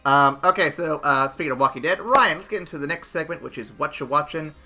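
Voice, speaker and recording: A man hosting a casual podcast chat, playful and energetic, cracking jokes as he runs the show. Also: a little high, fast talker, faint music behind. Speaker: podcast host.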